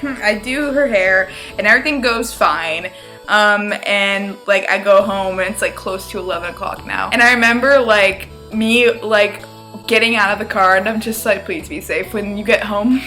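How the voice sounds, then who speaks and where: A woman's voice: mid-range voice, sharp tone. A seventeen-year-old girl telling a storytime vlog, rambling, laughing and swearing freely. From Arizona, US. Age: teens. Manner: profane, laughing, fast rambling. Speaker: vlogger.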